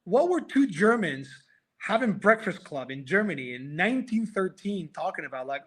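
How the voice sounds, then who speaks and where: A man's voice: high-pitched, big pitch swings, normal speed, fairly bright tone, slightly rough. A man, a guest on a podcast, talking about life over a video call in a philosophical way, with many restarts. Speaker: guest, former offensive tackle. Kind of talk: casual podcast chat.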